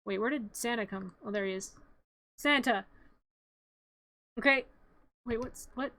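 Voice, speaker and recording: A woman with a high, bright voice gives an animated, rambling play-by-play of a film on a casual stream, cracking jokes as she goes. The sound is dry and close. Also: a little slow, no echo.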